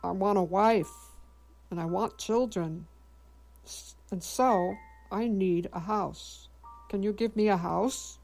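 A woman reading the lines of a boy who grows into a tired old man in a storybook, in her own slow, mellow voice. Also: medium pitch, gravelly, soft background music. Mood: demanding. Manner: plain, wanting, later weary.

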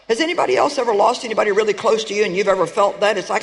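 A woman's voice: medium pitch, very fast, vocal fry, few pauses. Emphatic woman preacher in a reverberant hall. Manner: emphatic, calls out to the congregation; storytelling, rising to shouts. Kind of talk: sermon.

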